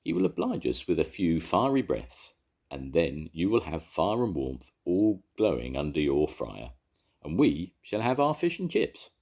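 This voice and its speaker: A genial choirmaster speaks soothingly in a husky, lively voice in this storybook. An older man puts him on. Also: sits low, unhurried, heavily acted.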